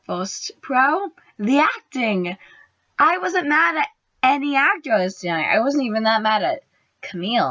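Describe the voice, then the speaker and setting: A young woman hosting her own video, giving an excitable, gushing review of a TV episode. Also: on the high side, unhurried, no room sound. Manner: gushing, excitable, drops into whispers. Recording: dry, dull lo-fi sound.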